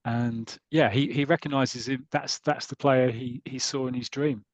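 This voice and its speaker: A man's voice: medium pitch, fairly even intonation, moderate pace, no echo. Chatty man retelling a comic. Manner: chatty, hesitant restarts, reads passages aloud. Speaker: podcast host. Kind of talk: casual podcast chat, retelling a comic story.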